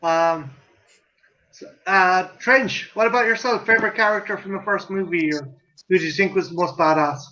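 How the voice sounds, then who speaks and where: A man's voice: high-pitched, normal speed, pushed and bright, dull audio. A man hosting a livestream in casual chat, rambling, swearing and laughing. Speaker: stream host.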